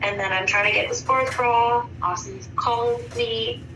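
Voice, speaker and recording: A woman's voice: a little high, fairly even intonation, a little slow. A woman in her thirties giving a rambling, frank account in a counseling session, swearing freely. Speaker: counseling client. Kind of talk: casual personal account. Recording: echoey room from far off, faint noise.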